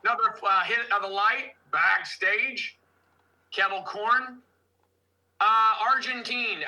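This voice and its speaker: A man hosting a livestream, loud and full of jokes. His voice sits high and cuts through with a sharp, bright edge. He keeps the banter rolling with his guest. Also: low-quality recording. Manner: loud, joking, mocking impressions. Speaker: livestream host.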